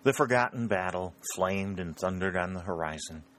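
A man narrating a novel as an audiobook, steady and measured. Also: low voice, a little hiss or hum.

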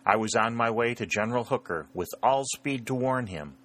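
A man voicing a grave adult male officer in a storybook reading, measured and sober. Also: medium pitch, expressive, fairly bright tone.

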